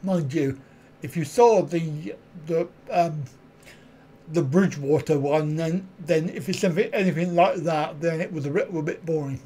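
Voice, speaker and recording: This middle-aged UK man hosts a live stream, answering viewer comments in a casual chat and laughing softly at his own self-mocking, wry comments. His voice is a little high and dark, his pace moderate, with a bit of hiss or hum present.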